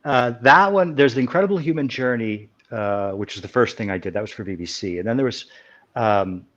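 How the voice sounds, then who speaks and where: A man's voice: mid-range voice, fairly quick, fairly bright tone, dull audio. A man answering interview questions as an academic guest, explaining at length and correcting himself as he goes.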